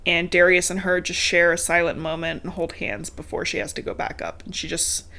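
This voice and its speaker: A woman's voice: on the low side, little pitch movement, a little fast, bright, forceful tone. Chatty woman recapping a book. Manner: chatty, swears, laughs often, lots of likes. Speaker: podcast co-host recapping a book. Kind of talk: casual chat. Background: a dog heard now and then.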